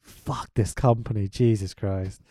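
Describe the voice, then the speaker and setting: A man's voice: fairly low pitch, unhurried, no echo, studio quality. A man co-hosting a casual wrestling podcast, ranting with lots of swearing and indignation. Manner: animated, profane, indignant ranting.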